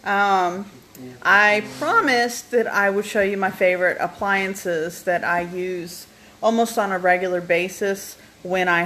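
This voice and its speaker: A woman's voice: mid-range voice, fairly bright tone, low-quality recording. A woman casually showing off her kitchen appliances at home, chatting and checking in with her viewers as she goes. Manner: chatty, keeps checking in with "okay?". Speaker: home cook vlogger.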